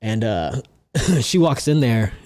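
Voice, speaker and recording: Young comic guest, raw and profane, animated story delivery at a middle pitch. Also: male voice, slow. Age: young adult. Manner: animated, laughs through his stories, swears constantly. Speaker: guest comedian.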